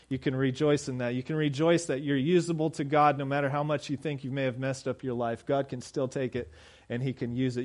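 A man preaching a sermon as pastor, earnest, slowing down and dropping softer on key phrases. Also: fairly high pitch.

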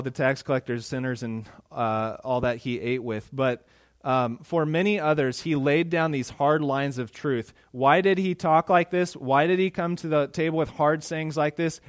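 A man preaching a sermon in a conversational, animated way, acting out quotes. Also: fairly high pitch, dry recording, studio quality. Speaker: pastor.

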